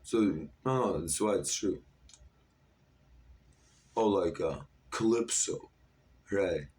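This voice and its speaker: In a rambling monologue to camera, a man in his thirties talks in a disjointed, jumpy stream full of fillers. His voice is low and darkish, and he takes his time. He sounds a bit far from the mic.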